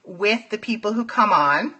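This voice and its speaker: A woman's voice: medium pitch, animated, measured pace, sharp tone. A woman with a New York accent hosting a casual phone livestream from home, gushing as she greets viewers by name. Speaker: livestream host.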